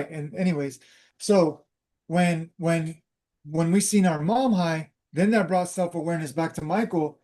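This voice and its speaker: A man's voice: fairly high pitch, a little slow, mellow. A man hosting a talk, casually telling a personal story and drifting into spiritual teaching, with many fillers and restarts. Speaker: host.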